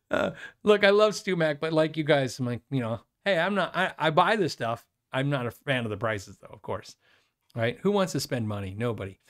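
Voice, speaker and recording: A man hosting a live guitar show, chatting casually and rambling, with fillers and quick self-deprecating laughs. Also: fairly high pitch, lively intonation, a bit bright. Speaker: host of a guitar livestream. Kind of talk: casual live chat reading viewer questions.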